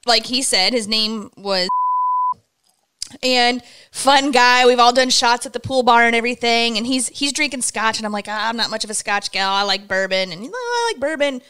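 A woman with a bright, higher voice, recounting a story in casual conversation with lively, indignant expression. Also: moderate pace, clean tone. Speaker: podcast co-host.

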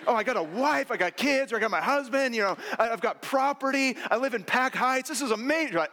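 Man, pastor, lively sermon, high voice, long hall echo. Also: fast talker, few pauses. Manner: animated, acts out quoted voices. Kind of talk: sermon with personal stories.

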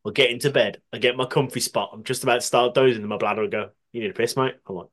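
A man's voice: mid-range voice, fairly even intonation, racing, fairly bright tone. A man co-hosting a podcast, laughing often and swearing freely in casual banter. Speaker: podcast co-host.

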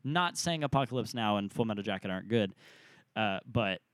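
A young man in his twenties co-hosting a podcast, talking in an earnest, animated way and laughing often. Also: lowish voice, fairly quick, dry recording. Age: 20s. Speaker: podcast co-host. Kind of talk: casual chat.

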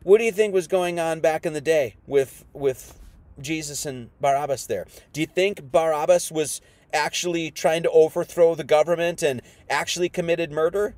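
A man's voice: fairly high pitch, normal speed, a little mellow, no echo. A man preaching an informal sermon, firing off rhetorical questions in a folksy, combative manner.

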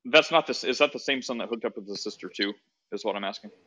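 A man's voice: on the low side, quick pace, bright, forceful tone. A man co-hosting a casual podcast, firing off curious, joking questions. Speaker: podcast co-host. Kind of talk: casual chat. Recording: dull lo-fi audio.

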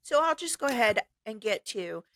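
A woman's voice: on the high side, moderate pace, no echo. A woman co-hosting a podcast in casual chat, talkative and laughing often as she tells stories. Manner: chatty, laughs often, animated storyteller. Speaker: podcast co-host. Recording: dry close sound, remote call.

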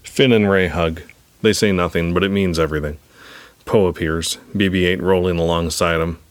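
Deep-voiced man reading a script. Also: fairly even intonation, moderate pace, no room sound. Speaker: narrator.

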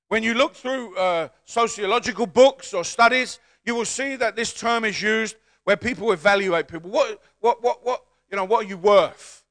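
Speaking at an ordinary pace with a high voice, a male pastor leads his church in an energetic call-and-response sermon. He works up to shouting and urges the congregation to echo his words back.

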